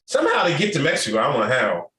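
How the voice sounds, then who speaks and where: Animated man in casual podcast banter. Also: mid-range voice, rapid-fire. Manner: loose, profane, laughs often. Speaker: podcast co-host. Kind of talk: casual chat. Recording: echoey room with faint noise.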